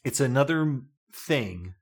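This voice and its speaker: A man's voice: mid-range voice, expressive, slow pace, breathy edge. A man co-hosting a casual podcast, chatting in a jokey way and laughing often. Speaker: podcast co-host.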